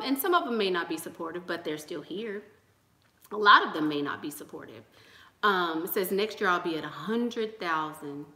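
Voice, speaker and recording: A young woman delivers a motivational sermon to her online audience, pressing each point home with repeated lines. Her voice is bright and forward, and it rings in an echoey room. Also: mid-range voice. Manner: preachy and emphatic, with repeated rallying lines. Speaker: YouTube channel host. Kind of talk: motivational sermon-style talk to viewers.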